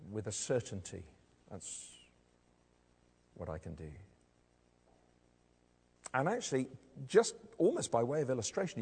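A man gives a sermon in a church, speaking conversationally and often turning to the congregation with rhetorical questions. His husky voice swings widely up and down. A long reverb hangs behind every phrase, as in a large hall. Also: mid-range voice, a little mellow. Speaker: preacher.

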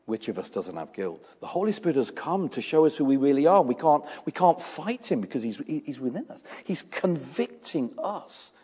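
A man preaching a sermon as pastor, animated and storytelling, acting out small dialogues with his congregation. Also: fairly high pitch, normal speed, few pauses, husky, long reverb tail.

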